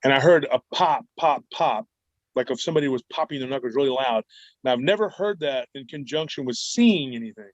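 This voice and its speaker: A man talks as a guest, telling his story in an animated, rambling way. His voice sits mid-range. The recording is dry and a little dull. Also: mid-range voice, fairly quick, no room sound. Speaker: guest cryptid researcher. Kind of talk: storytelling interview.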